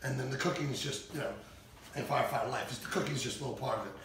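A man's voice: mid-range voice, racing, fairly bright tone, slight background noise. A man hosting a live cooking show, upbeat and jokey, chatting while he eats. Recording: echoey room from far off.

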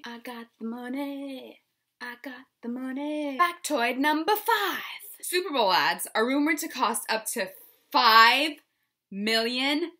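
A young woman with a high, bright voice hosts a comedic explainer vlog. She jokes her way through the facts and breaks into sung bits and shouted lines. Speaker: vlogger.

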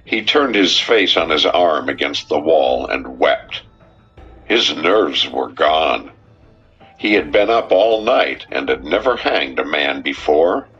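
A man reading a crime story aloud in a measured, scripted narration. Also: extremely low pitch, animated, a bit bright, husky. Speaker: audiobook narrator. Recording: dull, muffled recording with faint music.

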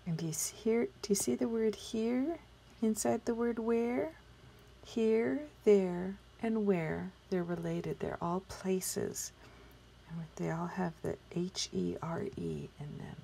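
A patient woman teacher sounds out spelling words for young children, slow and deliberate. Her low, mellow voice has a gravelly, slightly husky edge. She keeps asking the class questions and slips into a whisper now and then. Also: animated. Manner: sometimes drops into whispers while writing.

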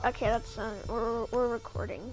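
A woman gaming YouTuber in casual, quick, teasing banter, sometimes impatient. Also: fairly high pitch, level tone, loud music behind the voice.

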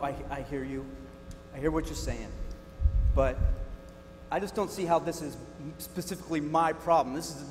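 A man's voice: on the high side, fairly bright tone, big-room sound, slight background noise. Man playing a flustered, pleading Bartimaeus. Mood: insistent. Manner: flustered, pleading, repeats himself. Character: defensive, well-meaning man called Bartimaeus. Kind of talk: church skit acting.

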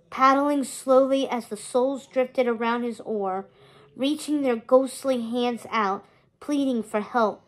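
A woman narrating a children's chapter book aloud, reading steadily. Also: fairly high pitch.

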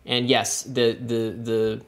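A middle-aged man coaches viewers on a live stream, replying to their comments. He is lively and emphatic, repeats words and restarts sentences, and his voice sits at an ordinary pitch for a man. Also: slow. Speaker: career coach hosting a live show.

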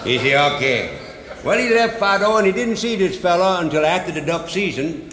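A man's voice: high-pitched, animated, normal speed, a bit bright. Man, live comic yarn-spinner, drawled punchlines, echoey hall, faint stage hum. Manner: folksy dialect, drawls out punchlines. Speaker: humorist storyteller.

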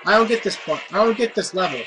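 A player giving casual commentary while playing a shooting game, muttering at setbacks and bursting into triumphant shouts. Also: medium pitch, lively intonation, fast talker, background noise.

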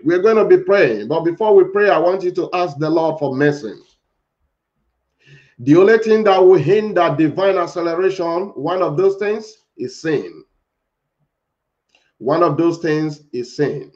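A man leads a congregation in fervent prayer, repeating his pleas like a chant and breaking into tongues. His voice sits a little high for a man. The recording is dull and lo-fi. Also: lively intonation, measured pace, darkish tone. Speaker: pastor.

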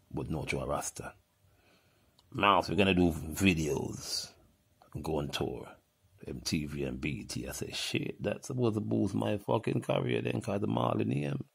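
An older man with a Jamaican accent in a heated, profane, animated rant that jumps between topics. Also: sits low, normal speed, gravelly, slightly rough.

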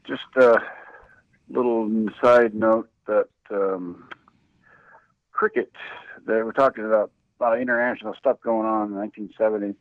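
Low male co-host over a phone line. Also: fairly even intonation, normal speed, long pauses, no echo. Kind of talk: casual chat.

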